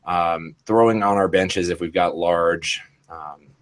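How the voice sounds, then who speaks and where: A man's voice: low-pitched, steady tone, slow. A man hosting a podcast, chatting casually and joking, with lots of fillers. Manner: jokey, laughing, filler-heavy. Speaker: podcast host.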